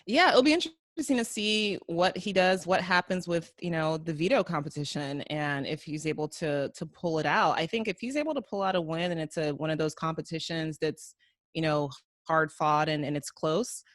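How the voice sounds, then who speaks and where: A woman with a lowish voice co-hosts a casual podcast. She chats freely, padding her thoughts with fillers. The sound is close and dry, with no room around it. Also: normal speed, fairly bright tone, no room sound. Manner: chatty, many fillers and hedges. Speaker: podcast co-host. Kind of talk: casual chat.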